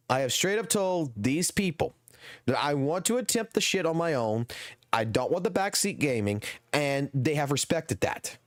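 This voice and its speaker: A man's voice: on the high side, expressive, moderate pace, no echo. Heated Southern streamer, young man, profane and emphatic, dry close sound. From American South. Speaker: game streamer. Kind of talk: profane live-stream rant.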